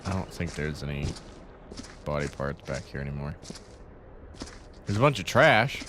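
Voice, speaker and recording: A man's voice: extremely low pitch, normal speed, noisy background. A young man co-hosting a gaming channel, chatting casually and swearing and laughing with a friend while they play. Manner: reads the briefing in a flat official tone, then swears and laughs with a friend. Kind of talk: casual gameplay chat.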